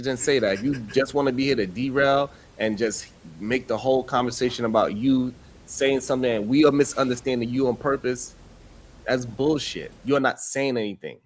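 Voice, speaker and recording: A man hosting a live-stream panel, speaking bluntly and scolding a guest. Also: mid-range voice. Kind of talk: heated live-stream debate.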